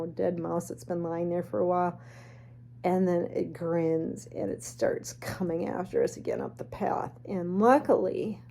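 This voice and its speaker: Chatty woman with a mellow voice. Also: fairly low pitch. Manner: animated, chatty, snarky asides. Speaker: storyteller. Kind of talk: casual storytelling.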